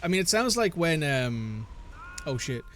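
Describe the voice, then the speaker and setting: A man's voice: on the high side, very animated, unhurried, a bit bright, slight background noise. Rambling man in casual game commentary. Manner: rambling, joking, self-interrupting. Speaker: gamer commentating gameplay with friends.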